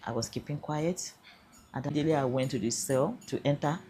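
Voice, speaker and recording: A woman's voice: low voice, brisk, dark tone, a little hiss or hum. An older Nigerian woman with a Nigerian accent earnestly recounting her own experience, slipping into Pidgin at times. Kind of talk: emotional first-person account.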